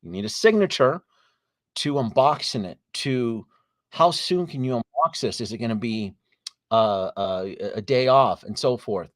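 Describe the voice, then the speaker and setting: A man's voice: mid-range voice, unhurried, dry recording, clean studio sound. Chatty man hosting a live stream. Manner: chatty, greets viewers by name, laughs often, trails off into restarts. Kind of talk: casual live stream chat.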